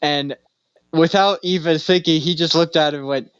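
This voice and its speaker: A young man co-hosts a podcast in casual chat, pitched a little high and rambling through stories with lots of fillers. His voice comes across dry and a little dull, as on a home setup. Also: steady tone, normal speed, fairly bright tone, clear, resonant tone, dry recording. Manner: rambling storyteller, many fillers. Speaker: podcast co-host.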